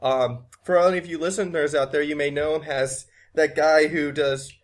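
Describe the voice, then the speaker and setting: A man's voice: a little high, fairly even intonation, moderate pace. An American man hosting a casual podcast, playful and self-mocking. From USA. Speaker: podcast host.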